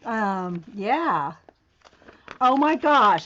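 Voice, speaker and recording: A woman hosting a casual crafting vlog, chatting to her viewers as she works and getting excited by what she finds. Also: medium pitch, measured pace, highs cut off, a little hiss or hum. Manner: chatty, excitable, talks to viewers while working. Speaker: craft video host.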